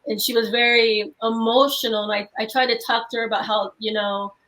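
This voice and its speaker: A woman's voice: fairly high pitch, level tone, brisk, a bit bright, poor audio. Earnest woman telling a story in tumbling run-ons. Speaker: guest paranormal investigator. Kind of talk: emotional storytelling in casual chat.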